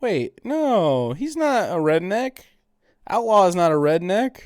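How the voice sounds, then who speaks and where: A man's voice: high-pitched, big pitch swings, slow pace, no room sound, clean studio sound. A man streaming, reacting to videos and mocking chat in a sarcastic, profane casual chat.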